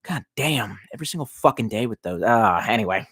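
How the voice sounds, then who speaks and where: A man's voice: on the low side, animated, fairly quick, fairly bright tone, husky, no room sound, clean studio sound. A man live-streaming in casual chat, reading out viewer comments and rambling with lots of swearing, fillers and restarts.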